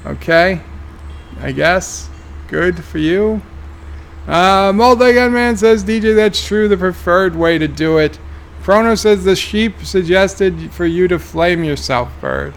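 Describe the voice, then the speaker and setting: A man's voice: high voice, animated, slow pace. A man streaming a game, reading viewer comments aloud with dry, offhand replies. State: tired, yawning. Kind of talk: casual live-stream commentary.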